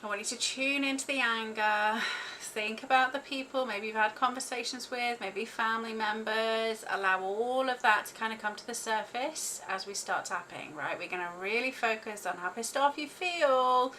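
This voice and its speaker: A woman's voice: fairly high pitch, normal speed, pushed and bright, slight background noise, rough recording. A woman guiding listeners through a tapping exercise, repeating short prompts between the tapping points, swearing freely and laughing at herself. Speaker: host leading a tapping exercise. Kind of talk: guided tapping session, casual and profane.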